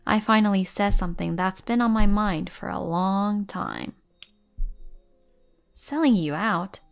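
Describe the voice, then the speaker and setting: A woman narrating a first-person drama story in an even, measured way over faint music. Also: medium pitch, vocal fry, smooth.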